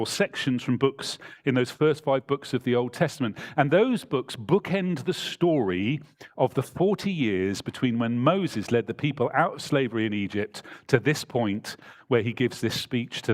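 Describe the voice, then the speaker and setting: A man preaching a sermon in a church, telling a scripture story and reading passages aloud with emphasis. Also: medium pitch. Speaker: pastor.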